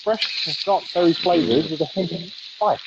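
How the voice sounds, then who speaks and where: A man's voice: a little high, normal speed, lo-fi sound, very noisy. A man co-hosting a live barbecue show, chatting with enthusiasm as he cooks. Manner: enthusiastic, chatty, says "mate". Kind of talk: casual chat while grilling.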